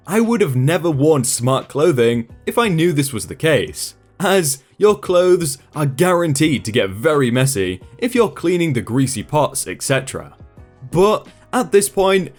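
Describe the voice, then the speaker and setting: A man reading a first-person story aloud in a dry, sarcastic storytelling manner. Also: mid-range voice. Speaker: storytime narrator.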